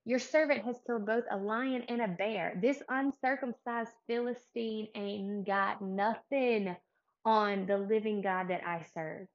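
A woman voicing a bold, indignant young male shepherd in a retold Bible story, her voice rising high and loud. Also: a little slow, dull audio, natural voice. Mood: determined.

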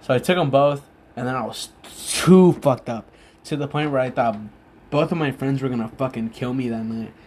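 A drunk young man talking in a casual, rambling monologue, halting often, losing his thread and swearing freely. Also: mid-range voice, a little mellow, slight background noise.

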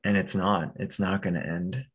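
A man hosting an interview, speaking gently and hesitantly, with many restarts. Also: low-pitched, flat delivery, moderate pace, husky. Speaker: podcast host. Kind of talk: supportive interview chat.

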